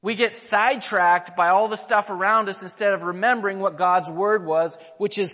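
A man's voice: sits high, steady tone, normal speed, hardly any pauses, bright, forceful tone, in a large hall. A man in his thirties, a pastor preaching a sermon, telling a story and asking the listeners questions.

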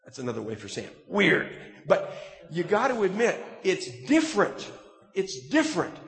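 A man preaching a sermon in an animated, emphatic way, his voice climbing at the peaks. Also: high-pitched, moderate pace. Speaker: pastor. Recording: echoey hall, reverberant room.

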